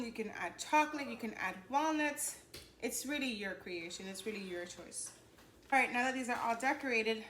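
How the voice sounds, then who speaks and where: A woman's voice: on the high side, a bit bright, reverberant, slight background noise. A woman hosting a casual home baking show, chatty and upbeat as she walks viewers through each step. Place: home kitchen.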